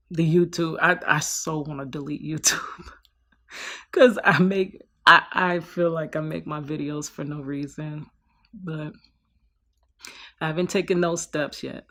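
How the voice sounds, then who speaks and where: A young woman speaking into her own vlog, her low voice gravelly with fry. She talks slowly and wearily, trailing off and starting over, as if thinking aloud. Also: bright, forceful tone. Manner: slow, heartfelt, trailing off and restarting. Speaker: vlogger. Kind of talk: personal vlog confession.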